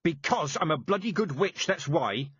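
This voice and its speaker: A man voicing a stern, sharp-tongued old woman witch who scolds bluntly and briskly. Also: a little high, lively intonation, breathy edge, no room sound, dull audio, pitched above the performer's own voice. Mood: fierce.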